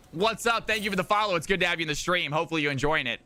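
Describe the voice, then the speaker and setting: A man with a high, very bright, cutting voice calls an esports match play by play on a live stream. He gets hyped and shouts over the big plays. Faint music runs underneath his desk-mic audio. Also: very fast, hardly any pauses. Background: faint background music.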